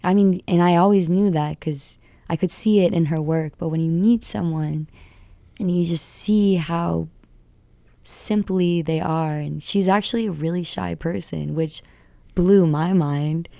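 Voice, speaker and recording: A young woman rapper, a guest on a radio show, tells her stories in an excitable, tumbling rush. Her voice sits low and carries a gravelly fry. The studio mic sound is dry and close. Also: unhurried, no echo. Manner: excitable, tumbling recounting with laughs. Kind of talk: animated storytelling interview.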